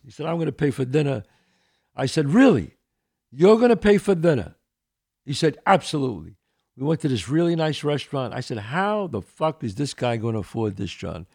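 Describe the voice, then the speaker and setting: Middle-aged New host, gravelly voice, casual storyteller who acts out the voices. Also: male voice, medium pitch, a little mellow. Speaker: podcast host. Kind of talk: casual storytelling and answering listener questions.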